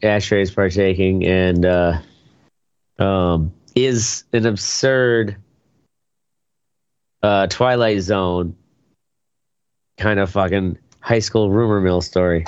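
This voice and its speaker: A man's voice: low voice, smooth, dry recording, muffled recording. A man co-hosting a podcast, talking hesitantly with many fillers and teasing the others in casual chat. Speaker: podcast co-host.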